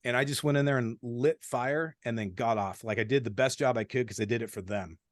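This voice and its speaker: A man in his forties, a podcast guest, telling stories in a blunt, animated way with plenty of swearing. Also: mid-range voice, fairly quick, no echo, studio quality. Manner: blunt, profane, animated storytelling. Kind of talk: casual storytelling.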